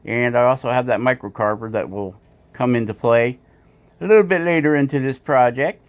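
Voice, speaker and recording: Brisk and mid-range, the voice belongs to a woodcarving channel host narrating casually as he works in his home shop. His rambling, self-deprecating commentary is sprinkled with filler words.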